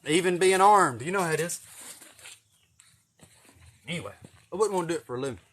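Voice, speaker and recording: A man's voice: fairly high pitch, brisk, a little hiss or hum. Profane man telling stories. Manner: swearing, animated storytelling with acted-out quotes. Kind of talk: casual storytelling.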